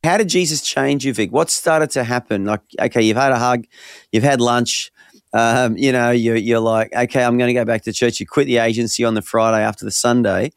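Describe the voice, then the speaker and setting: A man's voice: medium pitch, moderate pace, vocal fry, no room sound, studio quality. A man interviewing a guest, asking casual, conversational questions and recapping her story.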